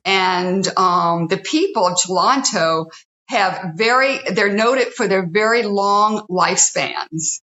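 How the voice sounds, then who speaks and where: A woman's voice: medium pitch, slow, bright, forceful tone, slight background noise. A woman who hosts a fitness TV show, talking earnestly in an interview and counting off her points one by one. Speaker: fitness TV host, guest. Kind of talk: casual interview talk. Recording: roomy, slightly dull sound.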